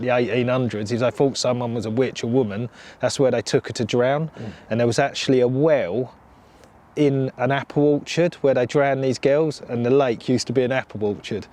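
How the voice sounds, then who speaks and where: A man, a carp angler, telling a ghost story in a casual, lively way and acting out the voices of the people he quotes. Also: mid-range voice. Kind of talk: casual anecdote. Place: outdoors by a lake.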